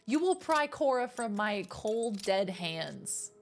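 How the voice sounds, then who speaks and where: A young adult woman streaming a game, chatting casually with her chat, excitable and easily rattled. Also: mid-range voice, normal speed, hardly any pauses, slight background noise.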